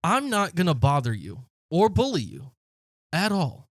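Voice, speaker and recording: A man's voice: on the high side, wildly swooping pitch, measured pace, no echo, studio quality. A man in his late twenties, a podcast co-host, telling a story in casual chat and acting out the quotes with plenty of swearing.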